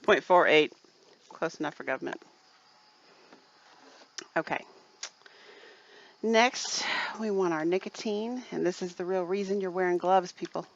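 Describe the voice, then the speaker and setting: A woman's voice: lowish voice, a little slow, pauses often, highs cut off. A woman co-hosting a casual show, chatting viewers through a mixing demonstration step by step. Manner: chatty, explains step by step, addresses viewers as "people". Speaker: co-host demonstrating recipe mixing. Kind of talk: casual instructional chat.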